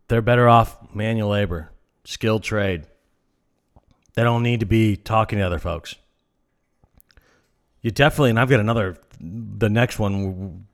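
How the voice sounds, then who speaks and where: Sarcastic man on an exasperated rant. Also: mid-range voice. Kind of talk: ranting comedic monologue.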